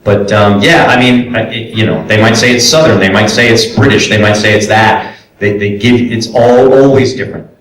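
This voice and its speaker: A man's voice: lowish voice, moderate pace, fairly bright tone. Chatty man at a convention panel. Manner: loose and chatty, many fillers and restarts. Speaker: voice actor and director on a convention panel. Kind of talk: casual Q&A talk to a live audience. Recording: echoey room from far off.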